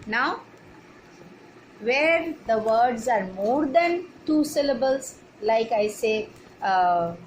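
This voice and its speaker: A woman's voice: a little high, animated, slow, a little hiss or hum, poor audio. A woman teacher giving a class lesson, explaining rules methodically and spelling words out letter by letter. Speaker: English teacher. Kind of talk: recorded online class lesson.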